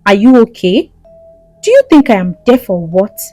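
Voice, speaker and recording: A woman voicing a hot-tempered young wife who snaps and then pleads in halting restarts. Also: mid-range voice, big pitch swings, warm tone, soft background music. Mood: scornful.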